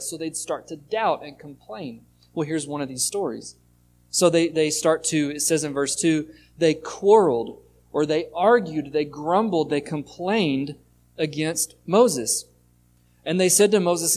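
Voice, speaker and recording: A man pastor preaching a sermon in a conversational way, reading scripture aloud and swinging between loud and soft. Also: a little high, a little slow, a little hiss or hum. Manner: conversational preaching, reads scripture aloud with lively shifts in loudness.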